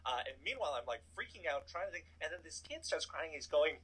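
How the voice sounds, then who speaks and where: A man in his thirties telling a personal story in a casual, animated way, full of "like" and asides. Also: a little high, quick pace, few pauses, husky, rough recording. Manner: animated, chatty, filler-heavy "like". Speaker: storytelling guest.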